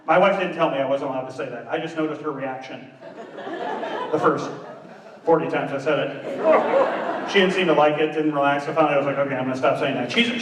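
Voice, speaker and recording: A man doing a stand-up comedy set, chatty and animated, who keeps asking the audience questions. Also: fairly high pitch. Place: large room on stage before an audience. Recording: roomy hall, distant mic, audience.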